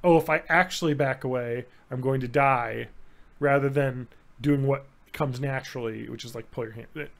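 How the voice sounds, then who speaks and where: A man co-hosting a podcast, talking in a rambling, excitable way and swearing often. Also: medium pitch, moderate pace, gravelly. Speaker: podcast co-host. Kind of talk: casual chat.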